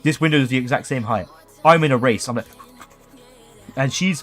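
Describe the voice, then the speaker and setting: A man's voice: mid-range voice, lively intonation, a little fast, long pauses, a bit bright, soft background music. A man telling a cheeky story on a livestream, keeps checking in with "okay?". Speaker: streamer.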